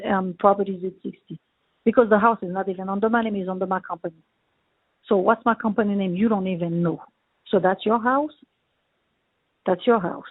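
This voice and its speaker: A man's voice: high voice, dry recording. A landlord, a man, retelling a dispute with indignation, repeating himself and acting out the arguments he had. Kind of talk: heated phone conversation. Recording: tinny dry phone line.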